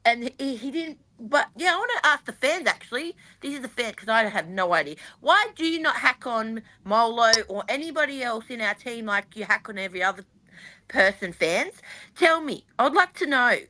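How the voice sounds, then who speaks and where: Bright, chatty woman. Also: a little high, normal speed. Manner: chatty, animated, rambling with fillers. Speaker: podcast co-host. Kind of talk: casual fan panel chat.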